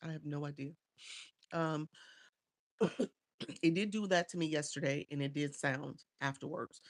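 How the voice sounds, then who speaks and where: A woman's voice: sits low, fairly even intonation, unhurried, no echo. A woman coaching live streamers, chatting casually and answering viewers by name, often repeating herself. She talks into a phone.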